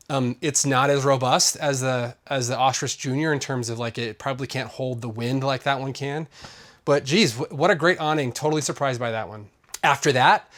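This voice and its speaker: A man's voice: medium pitch, fairly bright tone. Casual man reviewing gear. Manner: casual, rambling, lots of fillers. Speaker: host.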